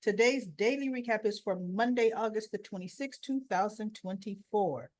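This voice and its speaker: A woman casually recapping a soap opera episode, retelling scenes with quoted lines, her voice a little rough. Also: mid-range voice. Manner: slow, chatty retelling with quoted dialogue. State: slightly rough voice after choking.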